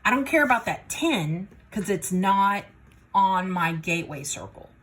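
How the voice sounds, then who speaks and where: Lady math teacher, kinda husky, slow and chatty, works it out step by step. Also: medium pitch, lively intonation, a bit bright. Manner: folksy, talks herself through the math. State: a little out of breath. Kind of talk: casual worked-problem lesson.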